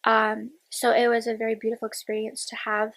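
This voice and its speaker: Woman, twenties, slightly high voice, casual diary vlog, rambling, candid. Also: monotone, brisk, a bit bright, rough recording. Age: 20s. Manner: rambling and candid, with fillers and sudden whispers. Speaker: vlogger.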